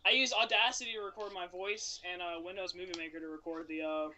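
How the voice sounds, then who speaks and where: Bright-voiced man chatting casually. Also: sits high, fairly even intonation, fast, highs cut off. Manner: rambling, self-deprecating joking. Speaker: podcast co-host, game commentator. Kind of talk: casual podcast chat.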